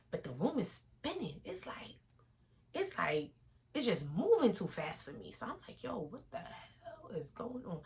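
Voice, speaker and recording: A young woman, telling an animated casual storytime vlog straight to her viewers. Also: on the low side, a little hiss or hum.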